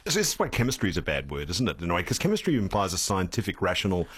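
A deep-voiced man interviews his guest with a husky tone. His questions ramble and restart, and his pitch moves widely as he pushes a point. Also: huge pitch swings, rapid-fire, fairly bright tone.

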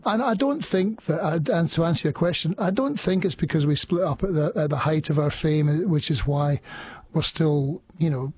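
A man's voice: on the high side, normal speed, hardly any pauses, a little mellow, breathy edge. A Scottish man in his sixties, a musician guest chatting in a radio studio, rambling with many fillers and restarts. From Scotland. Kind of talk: casual interview chat.

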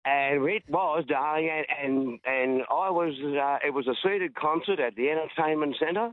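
A man's voice: a little high, moderate pace, dry recording. Australian man rambling on a phone line. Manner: rambling storyteller, calls host darling. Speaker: caller. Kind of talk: casual phone-in chat. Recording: dry tinny phone line.

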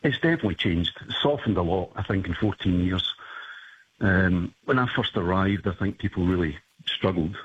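A man calling into a radio show, speaking in a measured, hesitant way over a dull line. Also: low-pitched, animated, a little hiss or hum. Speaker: caller. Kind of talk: casual radio call.

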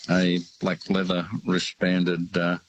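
An older Australian man with a very deep voice calls in to a talk show. He rambles warmly through his stories, pausing often and restarting his sentences. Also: monotone, lo-fi sound, a little hiss or hum. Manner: halting, rambling storyteller with many fillers. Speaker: radio caller. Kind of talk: casual phone-in chat.

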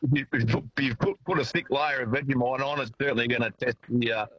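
A man with an Australian accent calling a radio show from his car on the phone, halting and stumbling over his words. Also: mid-range voice, fairly even intonation, husky, dry recording. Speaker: caller. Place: driving in a car. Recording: dull phone line.

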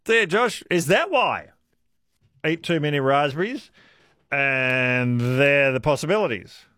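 A man with an Australian accent hosting a talkback radio show, chatty and quick to laugh. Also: fairly high pitch, dry recording, clean studio sound. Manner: chatty, laughs easily, lively. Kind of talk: casual talkback radio chat.

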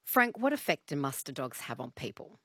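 A woman's voice: deep voice, very animated, fairly quick, husky, no echo. A woman hosting a radio interview, asking friendly, curious questions into a studio microphone. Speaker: radio host.

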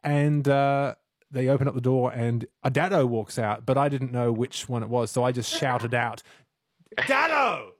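A man's voice: mid-range voice, flat delivery, moderate pace, a little mellow, no echo, clean studio sound. A young Australian man hosting a radio quiz, chatting and laughing easily with callers. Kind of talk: casual radio chat with callers. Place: radio studio.

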